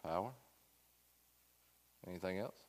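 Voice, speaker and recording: Speaking deeply and at a measured pace, a man leads a Sunday school Bible class in a church classroom. His style is folksy, full of jokes and questions for the students.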